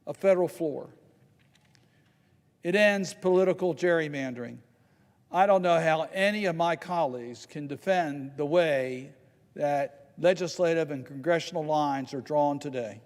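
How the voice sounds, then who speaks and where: Older guy giving a senate floor speech, slow and emphatic, big echoey chamber. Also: on the high side. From Maryland, United States. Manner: measured and emphatic, slowing to stress key points. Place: large legislative chamber.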